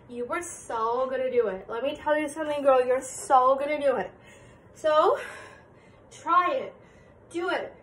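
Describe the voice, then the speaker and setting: Chatty woman vlogger with a high voice, encouraging tone, distant mic in an echoey room. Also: a bit bright, a little hiss or hum. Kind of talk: casual dance tutorial. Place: indoor room.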